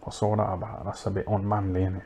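A man doing a rambling comic monologue, deadpan and crude, mocking people and tacking "innit" and "you know what I mean" onto his lines. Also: sits low, fast talker, a little hiss or hum. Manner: deadpan, crude and mocking, full of tag questions. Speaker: comedic livestream host.

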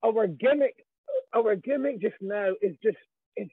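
A man with a Scottish accent telling stories as a guest in a casual interview, animated and swearing freely. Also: high-pitched, measured pace, husky, dry recording. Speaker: wrestling guest. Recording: tinny phone-like line.

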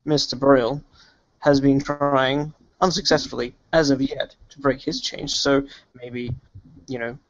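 A man's voice: mid-range voice, flat delivery, unhurried, no room sound, lo-fi sound. Persuasive male player in character.

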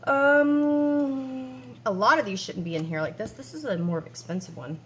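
A woman's voice: high-pitched, unhurried, fairly bright tone, slight background noise. A woman in her forties chatting casually at home as she counts cash aloud and talks to herself between numbers. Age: 40s. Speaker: budgeting vlogger.

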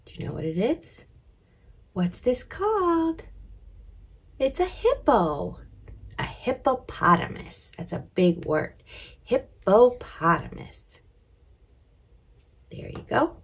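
A woman teaching young children, slow and clear, encouraging them and drawing out words as she sounds them. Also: fairly low pitch. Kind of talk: children's lesson.

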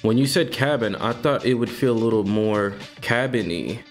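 A man's voice: medium pitch, normal speed, soft background music, close to an everyday voice. A man reading the lines of a pretentious young artist in a game, earnest and self-serious.

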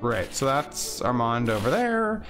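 A man's voice: medium pitch, sing-song, a little slow, over music. A man reading a visual novel aloud, voicing its characters and stumbling over names with asides. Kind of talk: reading game text aloud with voiced characters.

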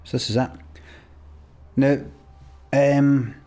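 A man's voice: medium pitch, fairly even intonation, slow, dark tone. A young man live-streaming a game, chatting casually and ranting at his viewers with plenty of swearing. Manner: sweary, ranting at chat in a mock-exasperated way.

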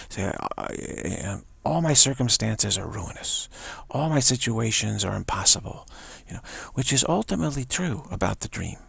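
A man giving an earnest spiritual talk as a teacher, halting and often repeating words. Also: on the low side, creaky, breathy edge, no room sound.

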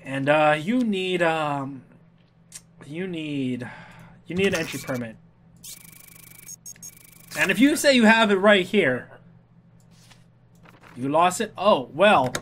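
Goofy high-voiced man playing a game. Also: expressive, slow pace, long pauses, fairly bright tone, a little hiss or hum. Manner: goofy, talks back to game characters, hums and sings to himself. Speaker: let's player. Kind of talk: casual gameplay commentary.

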